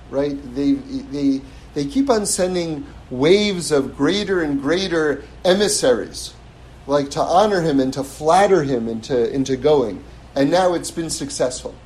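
Man, scripture teacher, high voice, animated, chuckles, repeats words. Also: a little hiss or hum, rough recording. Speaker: religious teacher.

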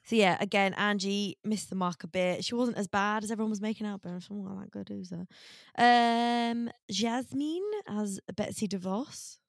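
A woman's voice: mid-range voice, normal speed, vocal fry, dry recording. Female podcast co-host, frank and sweary, dry close sound. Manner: candid, swearing, fond asides. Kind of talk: casual chat.

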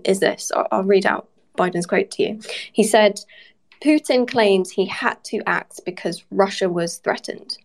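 A woman correspondent on a news podcast, giving measured, clear analysis. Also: mid-range voice.

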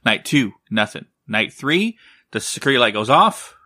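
A man co-hosting a podcast tells a story in a loose, rambling way. He swears freely and keeps tagging his sentences with "right?" His voice is bright and recorded dry and close. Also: medium pitch, very animated, moderate pace, no echo. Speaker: podcast co-host. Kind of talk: casual storytelling.

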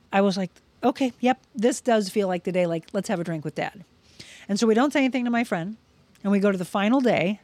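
Recorded dry, a middle-aged woman with a medium-pitched voice shares a personal story as a podcast guest. The chat is casual, and she tells it in a lively way, acting out the dialogue she quotes.

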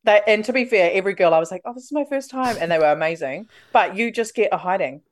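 A young woman, chatting casually as a podcast guest, chatty and quick to laugh, with lots of fillers. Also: mid-range voice, animated. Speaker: radio host, podcast guest. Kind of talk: casual chat.

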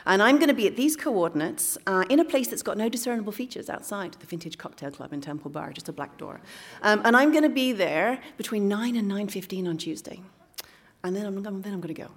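A woman telling a candid personal story on stage in a playful way, dropping into hushed asides. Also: mid-range voice, animated, fairly quick. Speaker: story slam finalist.

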